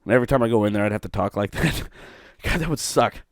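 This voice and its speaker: A man's voice: fairly low pitch, quick pace, dry recording, clean studio sound. A middle-aged man from Ohio hosting a solo podcast, rambling, swearing and mocking himself. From Ohio, USA. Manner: rambling, profane, self-mocking. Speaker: podcast host.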